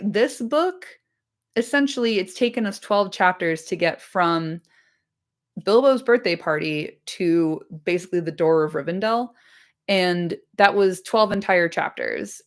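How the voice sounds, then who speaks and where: A woman streamer chatting casually to her live audience after a reading, enthusiastic and swearing freely, her voice slightly hoarse. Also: mid-range voice. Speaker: streamer reading a book aloud.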